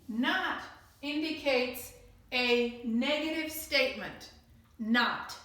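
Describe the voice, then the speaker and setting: Slow, patient teacher woman, echoey room. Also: high-pitched, a bit bright. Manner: slow, patient, explains with repeated examples. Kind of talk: recorded grammar lesson.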